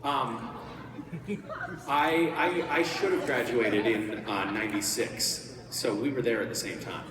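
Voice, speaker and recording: A man joking with fans in a casual Q&A, teasing and deadpan. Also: mid-range voice, measured pace. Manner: teasing, playful, deadpan jokes. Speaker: convention panel guest. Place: large convention hall. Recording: echoey convention hall, distant mic, loud crowd.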